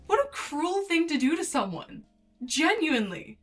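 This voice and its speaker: A woman in her twenties hosting a casual reaction video, reading an online post aloud and reacting with animated, slangy emphasis. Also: sits high, normal speed, faint music behind. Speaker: YouTube host.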